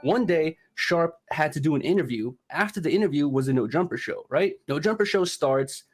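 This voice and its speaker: A man telling an anecdote in a played clip, animated and profane with lots of fillers. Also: fairly high pitch, a little fast, over music.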